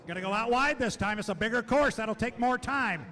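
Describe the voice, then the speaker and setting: A man calling live boat race commentary, excited and shouting as the action peaks. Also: very high voice, a little fast, a little hiss or hum. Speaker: race announcer.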